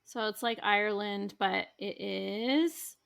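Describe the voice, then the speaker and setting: A woman with a gravelly, creaky edge to her voice chats casually on a podcast. She cuts in with questions and quick agreements, at a middle pitch. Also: fairly bright tone. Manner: interjects with questions and short agreements. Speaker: podcast co-host. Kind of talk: casual conversational chat.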